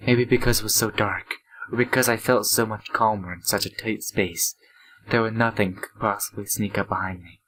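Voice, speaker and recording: A man's voice: lowish voice, fairly even intonation, normal speed, a bit bright, a little hiss or hum, rough recording. A half-asleep man hosting a let's play, reading the game's text aloud with asides and stumbling, stuttering delivery.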